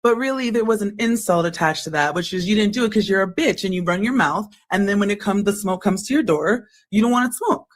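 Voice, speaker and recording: A woman's voice: mid-range voice, expressive, a little fast, hardly any pauses. A woman gives her reactions to clips. She is blunt and scornful and swears freely. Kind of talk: reaction commentary.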